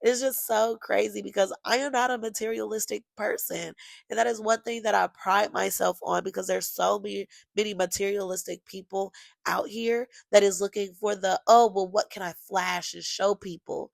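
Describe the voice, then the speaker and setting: A young woman hosting her own podcast, telling a personal story in a lively, gushing way and talking straight to her listeners. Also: mid-range voice, moderate pace, creaky, no echo. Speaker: podcast host. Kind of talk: casual storytelling monologue.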